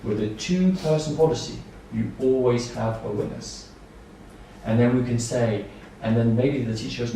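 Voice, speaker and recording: A man's voice: medium pitch, moderate pace, a little mellow, slight background noise. A man training nursery staff, explaining things simply and repeating points with everyday examples. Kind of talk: training lecture. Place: training room. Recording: echoey room from far off.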